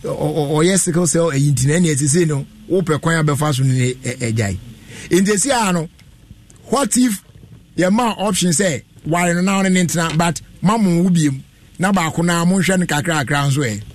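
A man hosting a radio call-in show, giving callers measured advice. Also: on the high side. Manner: advising, measured.

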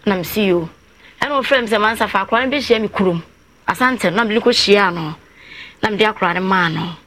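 A woman's voice: medium pitch, quick pace, a bit bright. Woman recounting a family story. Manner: long, winding telling that acts out others' words in quotes. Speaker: guest telling her story. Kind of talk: personal account on a talk show.

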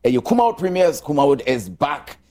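Energetic man hosting. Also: fairly high pitch, brisk. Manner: energetic, switching between Twi and English. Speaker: host. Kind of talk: lively show opening.

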